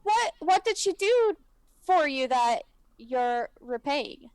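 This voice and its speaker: A woman's voice: high voice, very animated, slow pace, darkish tone, no room sound. A woman playing a tabletop game, chatting casually with a wry, sarcastic edge. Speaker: player.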